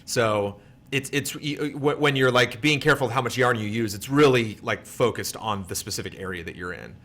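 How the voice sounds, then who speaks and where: A man talks quickly through casual chat on a game livestream. He rambles, restarting sentences and filling them with likes. His pitch sits in the middle range. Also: pushed and bright.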